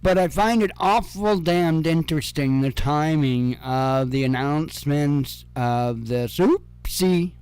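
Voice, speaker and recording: A man's voice: a little high, takes it slowly, few pauses, a little mellow, clean tone. A man hosting casual news commentary, sarcastic and profane, with chuckling asides.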